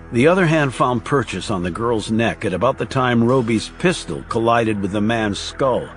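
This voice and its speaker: A man reading a crime thriller audiobook aloud in a low, hushed storytelling delivery. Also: husky, dry recording. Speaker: audiobook narrator. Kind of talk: scripted narration.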